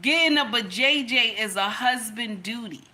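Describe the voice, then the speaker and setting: A woman with a slightly high, sharp-toned voice hosts a reaction video at normal speed, offering casual commentary that's emphatic and preachy, repeating phrases for effect.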